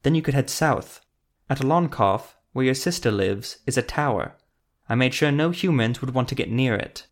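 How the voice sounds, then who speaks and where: A man's voice: mid-range voice, expressive, moderate pace, close to an everyday voice. A man voicing a weary, scarred male elf sorcerer who speaks tensely and insistently. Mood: pleading.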